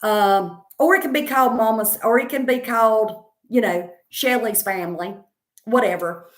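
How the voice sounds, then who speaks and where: A woman's voice: on the high side, moderate pace, reverberant. A woman comedian with a Southern accent, chatting casually in a rambling, confident way while answering viewer comments. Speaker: stand-up comedian.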